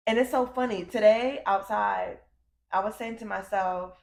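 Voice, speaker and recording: A woman's voice: medium pitch, normal speed, vocal fry, reverberant. A young woman co-hosting a podcast in casual chat, candid and emphatic, repeating her phrases and calling her friend "girl" and "baby". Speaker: podcast co-host.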